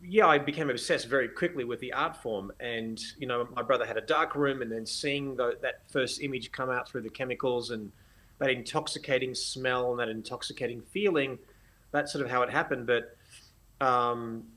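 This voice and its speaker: A man with an Australian accent, a photographer guest on a podcast, telling stories in an animated way and laughing often. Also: medium pitch, normal speed. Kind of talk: casual interview storytelling.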